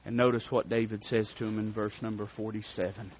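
A man preaching a sermon with fervor, swinging between quiet asides and loud declarations. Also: lowish voice, little pitch movement, a little fast, slight background noise. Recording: dry, dull lo-fi sound.

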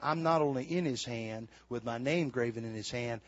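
An older man preaching a sermon, swinging from shouted exhortation to quiet, folksy storytelling. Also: mid-range voice, normal speed, muffled recording. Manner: fiery preaching, builds to shouts then drops to quiet storytelling.

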